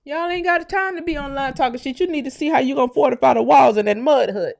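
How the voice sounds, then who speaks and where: A woman from the United States hosting her own channel, delivering a profane, heated commentary rant that swings from low muttering to shouting. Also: quick pace, gravelly. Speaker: channel host. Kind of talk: ranting commentary vlog.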